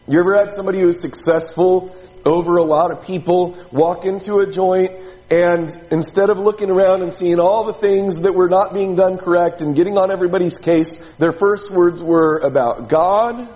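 High-voiced preacher in a reverberant hall. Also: male voice, a little mellow. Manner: conversational preaching with rhetorical questions. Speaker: pastor. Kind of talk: sermon.

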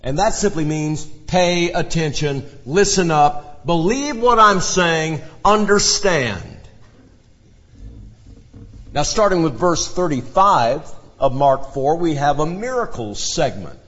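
High, lively male preacher in a reverberant hall. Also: takes it slowly. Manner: expository Bible teaching, dramatic shifts in emphasis. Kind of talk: sermon. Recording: dull lo-fi sound with long hall reverb.

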